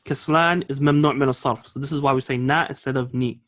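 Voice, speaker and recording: Talking very fast in a mid-range, fairly bright voice with fairly even intonation, a male Arabic teacher leads a classroom grammar lesson. He explains patiently, switches between English and Arabic, and keeps asking "okay?" and "all right?" to check on the class.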